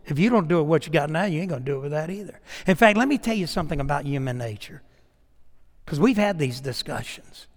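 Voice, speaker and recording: A man preaching a sermon, swinging from hushed asides to loud, emphatic peaks. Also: on the high side, expressive, fast, in a large hall. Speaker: pastor.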